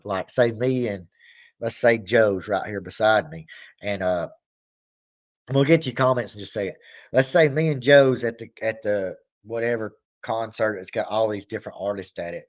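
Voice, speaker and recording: A man hosting his reaction channel, chatting casually and rambling, now and then acting out little skits. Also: mid-range voice. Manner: rambling, drawling, acts out skits with mock shouting.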